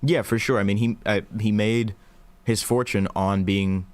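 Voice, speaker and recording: A man's voice: lowish voice, steady tone, a little slow, a little mellow. A man co-hosting a casual live-stream chat, cracking sarcastic jokes between his points. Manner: joking, sarcastic asides. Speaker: podcast co-host.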